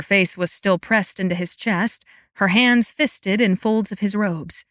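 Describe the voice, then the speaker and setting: A woman's voice: mid-range voice, unhurried, fairly bright tone, no room sound. Woman narrating a romantasy audiobook, dry sound. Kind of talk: scripted narration.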